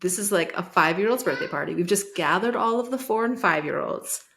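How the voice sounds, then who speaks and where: A conversational woman in her thirties with a voice on the lower side. She co-hosts a relaxed podcast, trades quick replies, and settles into longer stories. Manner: conversational, chimes in with short replies. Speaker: podcast co-host. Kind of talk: casual chat.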